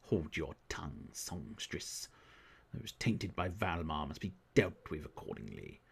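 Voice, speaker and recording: A cold, zealous high priestess from a role-playing game, played by a man reading in a low, quiet voice. She is stern and commanding, with game music underneath. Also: very animated, unhurried, gravelly, husky, heavily acted.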